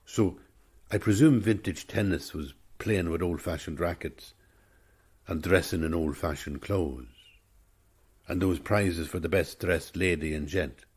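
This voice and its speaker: A man's voice: low voice, a little slow, darkish tone, husky. An older Irish man telling a rambling, reflective story. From Ireland. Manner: reflective, digressive.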